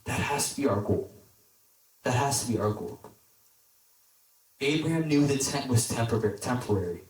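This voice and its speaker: A man's voice: mid-range voice, moderate pace. A young man giving a casual youth sermon, talking conversationally with lots of "like" and acting out the characters in his stories. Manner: conversational, lots of "like", animated when quoting characters. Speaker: deacon preacher at youth group. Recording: echoey hall, mic at a distance.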